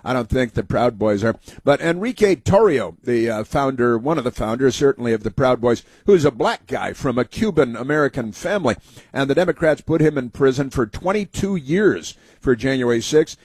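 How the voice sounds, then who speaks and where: Husky male radio host, rambling and sarcastic, lots of uh's, dry studio mic. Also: mid-range voice, lively intonation, brisk, a little mellow, dry recording. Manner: rambling, many uh fillers, sarcastic asides. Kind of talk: political talk radio monologue. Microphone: studio microphone.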